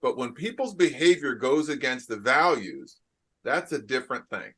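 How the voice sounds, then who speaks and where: A man's voice: mid-range voice, very animated, moderate pace, pushed and bright, slightly rough. A man from New Jersey hosting a podcast interview, talking emphatically and repeating phrases for effect. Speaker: podcast host and keynote speaker. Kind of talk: casual interview chat.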